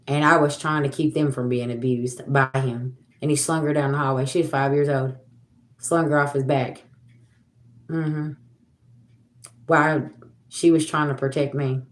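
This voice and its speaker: Low-voiced woman in her 40s on a livestream, blunt, cusses a lot, talks right to the chat. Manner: emphatic and blunt, swears freely; addresses viewers directly. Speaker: psychic livestreamer. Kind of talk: casual livestream talk.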